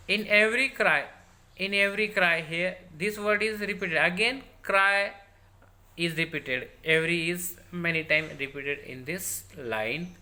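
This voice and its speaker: A woman teacher with an Indian English accent giving a recorded lecture, repeating key sentences slowly for her students. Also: sits low, animated, pushed and bright.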